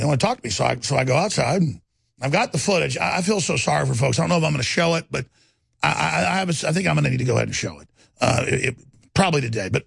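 A middle-aged man hosts talk radio in a rough, gravelly voice with a husky edge. He rambles and stammers through a heated monologue, often leaping higher in pitch as he gets worked up. The sound is dry and close to the mic. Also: fairly bright tone, no room sound. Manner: rambling, stammering, voice jumps when riled. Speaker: radio talk show host.

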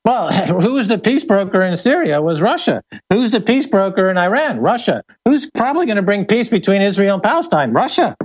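A male guest on a political call-in show argues in a fairly high voice, firing off rhetorical questions and answering them himself. He sounds blunt and sure of his point. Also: big pitch swings, a little fast, few pauses. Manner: argumentative, uses rhetorical questions. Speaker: guest commentator. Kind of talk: political talk radio interview.

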